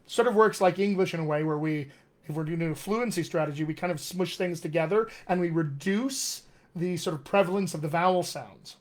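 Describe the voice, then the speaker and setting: A man's voice: a little high, a little fast. A man coaching accents in a live online session, demonstrating sounds and reading viewer comments with eager energy. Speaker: dialect coach.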